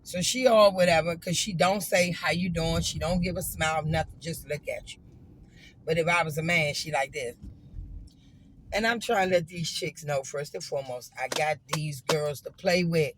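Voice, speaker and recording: A woman's voice: sits low, normal speed, a little hiss or hum, rough recording. A woman vlogger telling a casual, emphatic story straight to her viewers.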